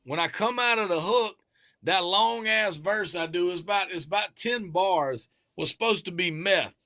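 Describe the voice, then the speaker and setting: Rapper guest, male, high and bright, eager and rambling in casual chat. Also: moderate pace. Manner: eager, talkative, trails off mid-thought. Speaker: rapper being interviewed.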